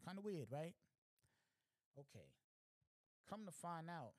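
A man hosting a podcast, telling a story in a casual, slangy, animated way, often asking "you know what I'm saying". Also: a little high, slow pace, pauses often, no room sound. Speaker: podcast host.

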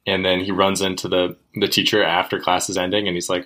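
Young man, podcast co-host, deep voice, bright tone, loose rambling chat. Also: little pitch movement, fast. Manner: rambling, crude, sprinkled with fillers. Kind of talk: casual chat.

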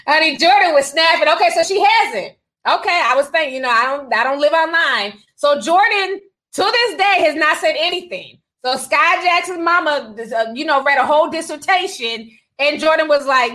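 Her voice is high and sharp, delivered at normal speed over a low-quality recording. She runs a casual gossip livestream, reading out viewer super chats with sassy side remarks, frequent laughter, and plenty of "honey" and "child."

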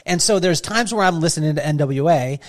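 A man with a notably high speaking voice hosts a relaxed podcast conversation. He jokes around, spins playful stories and laughs easily between questions. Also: a little fast. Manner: jokey, storytelling, laughs often. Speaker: podcast host. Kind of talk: casual interview chat.

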